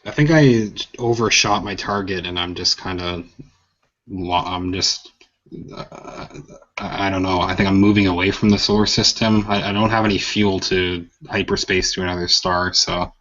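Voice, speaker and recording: A man with a fairly low voice talks hesitantly and quietly, often trailing off mid-thought. His audio sounds a little muffled. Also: flat delivery, normal speed. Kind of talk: casual chat while playing a game.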